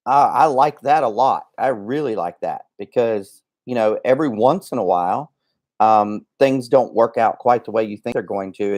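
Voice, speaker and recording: A man's voice: mid-range voice, darkish tone. A man hosting a casual livestream, chatty and rambling, with many fillers and restarts, a little out of breath. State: slightly out of breath. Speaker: livestream host.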